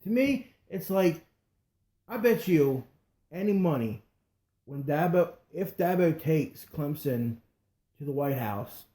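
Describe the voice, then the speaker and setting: Cohost guy, swears a lot while he complains, warm mellow voice. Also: fairly high pitch, expressive, slow, long pauses. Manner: profane, joins in the griping. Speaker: podcast co-host. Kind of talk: casual chat.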